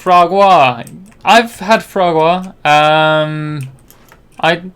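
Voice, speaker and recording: A man's voice: fairly high pitch, fairly even intonation, drawn-out words, fairly bright tone, smooth. A young man from Britain chatting casually on a live game stream, rambling and self-deprecating, with many ums and restarts. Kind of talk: casual live-stream chat while playing.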